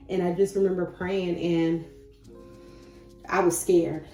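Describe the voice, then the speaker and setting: A woman in her thirties talking casually and encouragingly to camera about faith and change, chatty and goofy, with sudden loud bursts. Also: fairly low pitch, level tone, unhurried, pauses often. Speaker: spiritual vlogger. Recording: echoey room with faint music.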